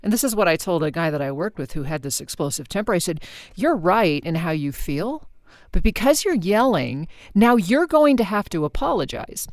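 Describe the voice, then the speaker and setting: A woman's voice: fairly low pitch, big pitch swings, normal speed, no room sound, studio quality. Direct woman host giving advice. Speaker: podcast host. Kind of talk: conversational advice.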